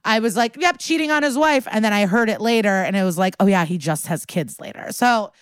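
A woman's voice: mid-range voice, a little fast, clean tone, dry recording, studio quality. A woman co-hosting a podcast, casually recapping a TV episode and acting out the characters' lines. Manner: animated, acts out quotes with swearing and laughs. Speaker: podcast co-host.

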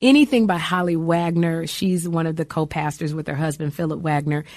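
In a dry, studio-quality recording, a middle-aged actress and comedian talks fairly quickly in a low-pitched voice. She's a guest in a lively interview, animatedly acting out the voices in her anecdotes.

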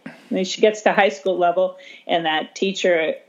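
A woman special education teacher telling a story in conversation, animated, laughing often and voicing the people she quotes. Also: fairly low pitch, moderate pace. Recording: slightly dull lo-fi sound.

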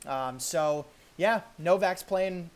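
A woman's voice: lowish voice, slow pace. A woman co-hosting a tennis podcast, chatting casually with lots of fillers and restarts. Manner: conversational, many fillers and restarts. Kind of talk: casual sports chat.

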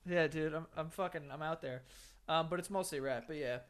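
A man's voice: a little high, a little fast, crowd noise. A young man co-hosting a podcast, chatting casually and cracking dry jokes. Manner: dry, joking replies. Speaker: podcast co-host. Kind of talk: casual chat.

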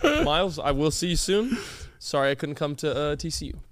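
Joking young man with quick comebacks. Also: fairly high pitch, big pitch swings, no echo. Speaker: podcast co-host. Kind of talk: casual podcast banter.

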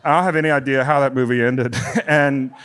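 A middle-aged man from the United States telling a long stand-up story, rambling and animated, his voice climbing high when he gets worked up. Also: a little fast, smooth. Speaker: stand-up comedian.

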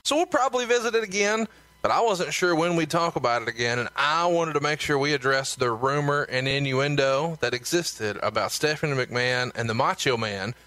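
A man hosting a talk podcast, leading into segments briskly. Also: fairly high pitch, animated, bright, forceful tone, no echo. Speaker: host.

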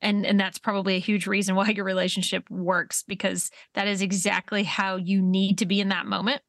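A woman in her forties co-hosting a podcast, telling stories in a lively way and laughing as she talks. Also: mid-range voice, fairly quick, no room sound, studio quality. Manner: animated storyteller, laughs through her telling. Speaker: podcast co-host. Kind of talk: casual chat.

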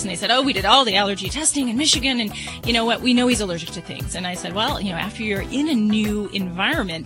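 A woman giving measured call-in advice on a radio show about a dog's allergies, pausing with fillers. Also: mid-range voice. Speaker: veterinary expert guest.

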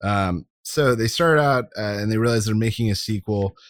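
Low-voiced man casually recapping a film. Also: no room sound, clean studio sound. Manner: relaxed plot summarizer, drawn-out fillers. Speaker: podcast co-host.

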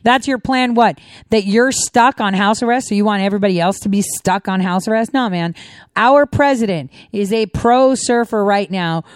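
A woman's voice: medium pitch, normal speed, no echo, clean studio sound. A woman hosting her own show, talking in a rambling, conversational way with many asides. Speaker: show host. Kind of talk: casual political commentary.

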